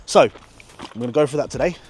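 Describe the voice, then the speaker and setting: A man's voice: mid-range voice, fairly quick, a little mellow, faint music behind. A man in his thirties, a bodybuilding vlogger talking casually to a handheld camera on an outdoor walk, blunt and full of swearing.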